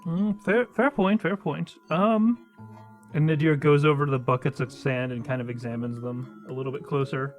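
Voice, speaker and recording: A man playing a tabletop game, hesitantly thinking out loud as he describes his character's moves. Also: on the high side, normal speed, faint music behind. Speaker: player. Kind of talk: casual tabletop game play.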